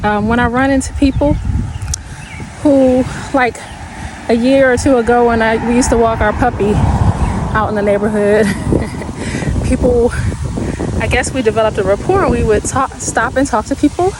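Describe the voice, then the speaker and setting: A woman's voice: a little high, normal speed, long pauses, background noise. A woman chatting casually as she walks outside, a little winded and laughing often. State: slightly winded. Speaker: vlogger. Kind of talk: casual walking vlog chat. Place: outdoors in a hilly neighborhood.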